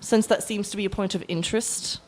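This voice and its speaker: A woman's voice: mid-range voice, steady tone, a little fast, a little mellow, slight background noise, close to an everyday voice. A woman voicing a scolding, foul-mouthed 1940s English housewife in a tabletop role-play. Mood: indignant. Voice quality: scolding, swears freely.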